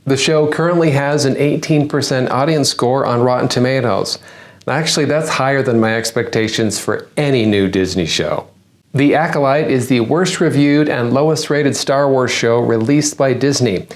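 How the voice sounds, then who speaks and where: At a moderate pace, a male comic with a mid-range voice runs through the headlines in a mock-news segment he hosts. His monologue is a steady string of sarcastic jokes, delivered stand-up style.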